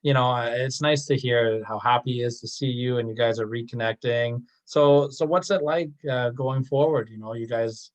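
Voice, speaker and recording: A man's voice: mid-range voice, moderate pace, hardly any pauses, poor audio. A man hosting an interview, asking rambling questions with frequent restarts. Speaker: podcast host. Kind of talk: conversational interview.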